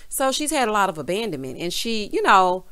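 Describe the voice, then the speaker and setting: A sassy woman with a Southern US drawl dishes on a reality show like she's gossiping with friends. She keeps tossing in "honey" and "child" with lively, animated delivery. Her voice sits at an ordinary middle pitch for a woman. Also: a little fast, clear, resonant tone. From American South. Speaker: reality TV recap vlogger. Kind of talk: casual sassy recap chat.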